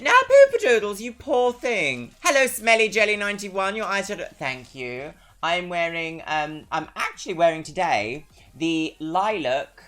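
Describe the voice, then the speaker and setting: This is casual live-stream chat from a young London woman whose London accent comes through clearly. She's giggly, chatty and quick to laugh, with a low-pitched, slightly bright voice.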